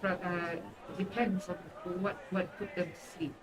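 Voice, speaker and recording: A woman playing a tabletop game who speaks softly and gently. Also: lowish voice, level tone, measured pace, a crowd in the background. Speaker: player. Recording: distant mic, noisy background.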